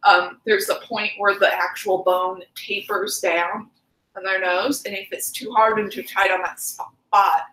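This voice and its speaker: A young college woman co-hosts a casual chat, joking at her own expense. Her tone is bright and crisp-edged. Echo from the room hangs around her words. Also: medium pitch, level tone, measured pace. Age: young adult. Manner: goofy, self-deprecating. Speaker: co-host. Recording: echoey room.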